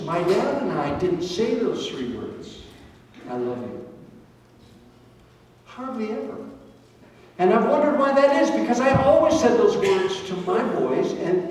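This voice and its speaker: An older man doing live comic storytelling with a faith message, wry and deadpan, dropping to soft, slow lines for tender moments. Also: fairly high pitch, far from the mic, slight background noise. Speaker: stand-up storyteller. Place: large reverberant camp hall. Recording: very echoey hall picked up from afar.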